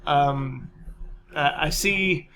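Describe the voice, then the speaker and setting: A man's voice: on the high side, drawn-out words, pushed and bright, slight background noise. A man hosting a gaming channel, chatting casually through a let's-play and a channel update, rambling, self-mocking and swearing freely.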